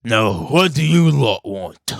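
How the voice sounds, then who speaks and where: A man's voice: medium pitch, very animated, takes it slowly, dry recording, studio quality, exaggerated voice. A man voicing a grumpy, impatient dwarf king who is very fat. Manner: gruff, impatient.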